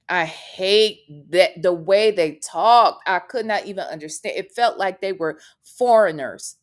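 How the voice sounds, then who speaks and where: A woman hosting a casual podcast, talking in a relaxed, chatty way. Her voice sits a little low, and she is frank and opinionated, swearing bluntly when she feels strongly. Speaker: podcast host.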